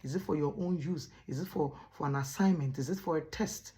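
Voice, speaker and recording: Woman, teacher, classroom lesson, dark warm tone, emphatic, repeats words for stress. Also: sits low, brisk. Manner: asks rhetorical "what?" prompts for the class to finish.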